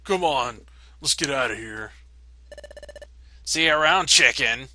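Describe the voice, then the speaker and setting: A man voicing a pair of sneering male bullies in a game, taunting in drawn-out lines. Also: medium pitch, lively intonation, pushed and bright, slight background noise. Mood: mocking. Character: sneering male bully thugs, mocking.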